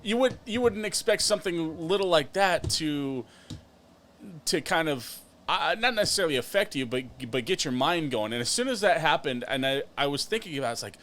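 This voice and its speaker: A man's voice: a little high, expressive, fairly quick, a bit bright, a little hiss or hum. A man co-hosting a podcast in casual chat, joking and poking fun at himself, often trailing off into fillers. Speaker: podcast co-host.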